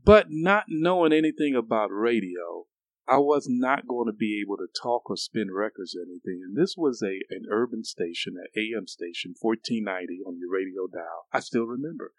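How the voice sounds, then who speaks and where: A middle-aged man from Ohio telling stories in a casual interview, often jumping into high voices for the people he quotes. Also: animated, moderate pace, no echo, rough recording. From Cleveland, Ohio. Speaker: guest.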